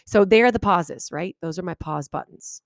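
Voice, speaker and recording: A woman teacher giving a video lesson to her students, talking animatedly and reading example sentences aloud with big exaggerated pauses. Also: fairly low pitch, no room sound, clean studio sound. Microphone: webcam microphone.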